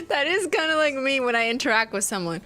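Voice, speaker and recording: Giggly, bright-voiced Canadian woman streaming. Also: sits high. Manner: giggly, profane, mimics characters. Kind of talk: live game commentary.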